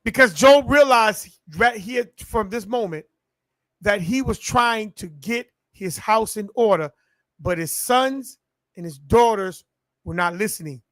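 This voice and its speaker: A man's voice: sits high, measured pace, fairly bright tone, dry recording. A man preaching a sermon in call-and-response style, stretching words and building to peaks.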